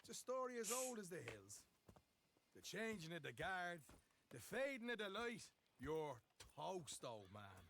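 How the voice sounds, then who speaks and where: An actor playing a brash, mouthy young outlaw in a game cutscene, taunting and boastful. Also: male voice, sits high, wildly swooping pitch, measured pace, a bit bright, a little hiss or hum, heavily acted.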